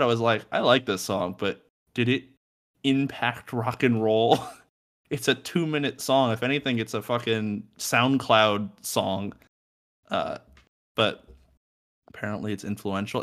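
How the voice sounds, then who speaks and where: A man's voice: medium pitch, a bit bright. A young man co-hosting a casual music podcast from a room at home, joking, swearing and laughing often. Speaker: podcast co-host.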